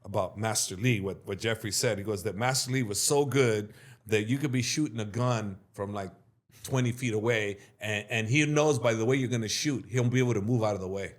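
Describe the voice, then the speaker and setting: A middle-aged man, a martial arts coach being interviewed, telling stories in a lively way and acting out what others said. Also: on the low side, a little fast. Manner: animated storyteller who acts out quotes loudly. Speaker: MMA coach, interview guest. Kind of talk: storytelling in an interview.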